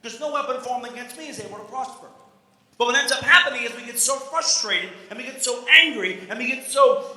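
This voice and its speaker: A man preaching a sermon as pastor, animated, swinging from shouts to hushed asides. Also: extremely high pitch, a little fast. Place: church sanctuary. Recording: echoey church hall.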